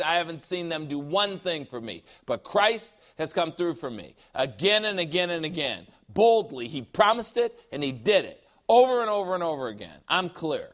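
A high-pitched man preaches a sermon forcefully and emphatically, firing off rhetorical questions and mocking skeptics' objections.

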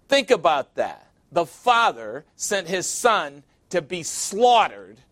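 A man's voice: sits high, sing-song, slow, a bit bright, dry recording. A middle-aged man preaching a sermon, building to emphatic calls. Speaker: pastor.

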